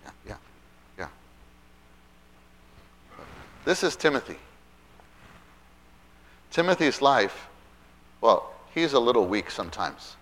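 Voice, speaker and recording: A man teaches from the Bible in a relaxed, conversational way, asking his listeners questions and acting out the characters' lines as he retells the stories. His voice is bright, and his pitch swings widely as he goes. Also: slow, long pauses. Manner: conversational, asks the audience questions.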